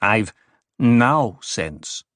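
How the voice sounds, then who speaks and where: A man's voice: lowish voice, lively intonation, very slow, a bit bright, no echo, full character voice. Bijaz, a man doing a riddling dwarf jester. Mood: wheedling. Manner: punning, singsong riddles.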